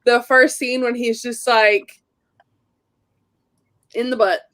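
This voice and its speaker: A woman's voice: on the high side, steady tone, slow, fairly bright tone. A woman co-hosting a casual book chat over a video call, amused and playful. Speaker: co-host of a book reading livestream.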